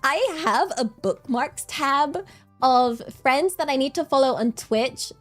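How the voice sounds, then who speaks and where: A woman streamer in casual chat, soft and rambling, self-deprecating and laughing often. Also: high-pitched, expressive, slow. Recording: faint music behind.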